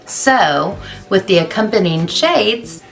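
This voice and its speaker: A woman's voice: mid-range voice, animated, slow pace, vocal fry, a bit bright, soft background music. A woman hosting a casual makeup vlog, chatty and rambling, laughing at her own jokes. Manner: chatty, rambling, self-amused. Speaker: beauty vlogger.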